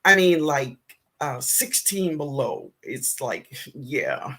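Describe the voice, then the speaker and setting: A woman with a New Orleans accent hosting a casual livestream, greeting viewers warmly and chatting with frequent laughs. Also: very deep voice, big pitch swings, takes it slowly, slightly rough. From southern United States. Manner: warm, chatty, calls viewers baby, laughs often. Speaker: gardening livestream host. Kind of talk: casual live-stream chat greeting viewers.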